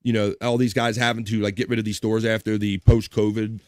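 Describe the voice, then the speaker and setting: A man's voice: lowish voice, level tone, brisk, a little mellow, no room sound, clean studio sound. A man hosting a casual livestream chat show, chatting and reading viewer comments aloud. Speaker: host.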